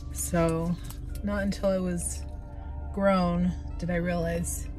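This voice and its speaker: A woman's voice: fairly low pitch, level tone, slow pace, music in the background. A woman chatting casually to her camera as a lifestyle vlogger, upbeat and rambling. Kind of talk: casual vlog chat to camera.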